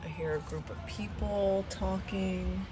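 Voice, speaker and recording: A woman's voice: mid-range voice, slow pace, background noise. A woman chatting casually to the camera while she cooks in her small apartment kitchen, thinking aloud and wandering between thoughts. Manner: relaxed, rambling, thinks aloud. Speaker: vlogger cooking at home. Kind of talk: casual talking-to-camera chat while cooking.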